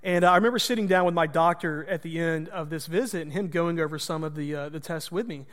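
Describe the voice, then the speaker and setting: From the pulpit, a high-voiced pastor tells a personal story in a storytelling sermon, chatty and making fun of himself. He talks fast with a fairly bright tone, and a long reverb makes his voice ring as if in a large hall.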